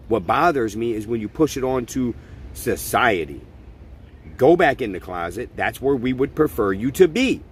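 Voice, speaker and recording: A man's voice: medium pitch, slight background noise. A middle-aged man hosting a podcast, delivering a blunt, profane opinion monologue in a ranting manner. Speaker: podcast host.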